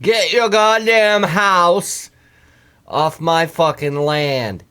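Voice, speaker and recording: Male host doing a threatening, foul-mouthed backwoods landowner, gruff. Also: medium pitch, steady tone, slow, mellow. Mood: angry. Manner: cursing, threatening. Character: gruff angry backwoods man guarding his land.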